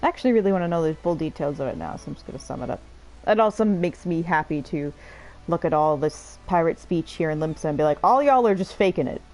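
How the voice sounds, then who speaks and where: A woman with a low, mellow voice rambles through casual let's-play commentary, chatty and quick to laugh. Faint game music plays behind her. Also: low-quality recording. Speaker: streamer playing a game.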